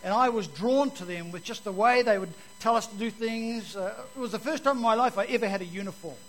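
A man giving a personal testimony to an audience, telling it vividly and moving from loud to hushed. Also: high voice, brisk, rough recording. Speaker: speaker giving his testimony.

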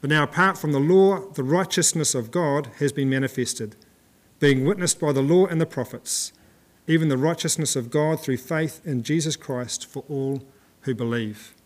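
A man's voice: fairly high pitch, normal speed. A man preaching a sermon in a church, reading scripture and talking plainly to the congregation with some fillers and restarts.

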